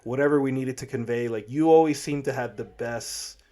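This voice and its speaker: A man co-hosting a podcast in a medium-pitched voice. He chats casually, leaning on "like" as he talks and mixing praise with teasing. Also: fairly quick. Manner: warm teasing praise, filler "like". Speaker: podcast co-host. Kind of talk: casual chat.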